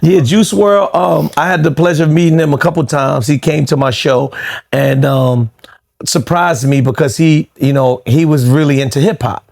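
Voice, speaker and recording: Animated, profane male DJ co-host. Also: on the high side, normal speed, vocal fry. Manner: animated, swearing, laughing storyteller. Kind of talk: casual storytelling chat.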